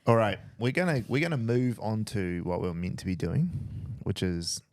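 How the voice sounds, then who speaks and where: Male podcast host, low gravelly voice, dry close mic, loose rambling delivery. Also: very animated, moderate pace, darkish tone, dry recording. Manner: joking, rambling, self-correcting. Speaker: podcast host, business owner. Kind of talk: casual chat.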